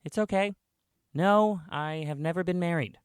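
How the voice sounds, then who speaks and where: A man's voice: a little high, normal speed, clean tone, dry recording, studio quality, pitched above the performer's own voice, lightly acted. A man voicing a nervous, friendly female schoolteacher in a comic audio story, with a polite, lifted voice.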